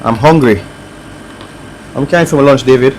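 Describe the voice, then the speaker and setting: A man with a Jamaican accent talks loosely through a repair on a live stream, answering viewers and musing as he works. His voice sits at an ordinary middle pitch. A faint hum stays in the background. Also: normal speed, rough recording. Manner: chatty, reads viewer comments aloud, thinks out loud. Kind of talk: casual live-stream chat while working.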